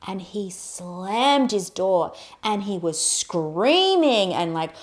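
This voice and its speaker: A young adult woman on a podcast, telling a story in a lively, casual way, swearing and acting out quotes in a loud voice. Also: mid-range voice, slow. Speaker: podcast co-host.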